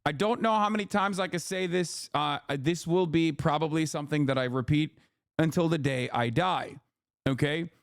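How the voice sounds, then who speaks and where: A man's voice: on the high side, normal speed, gravelly, dry recording, clean studio sound. A man streaming live, giving heated political commentary, swearing a lot and stopping often to ask "okay?". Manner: profane, ranting, emphatic; repeats words and says "okay?" often.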